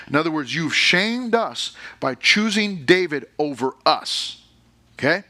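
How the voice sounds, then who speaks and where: A man's voice: on the high side, animated, moderate pace, bright, forceful tone. A man pastor giving a sermon to a youth congregation in a conversational way, reading scripture and checking in with questions. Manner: conversational, asks the listeners questions.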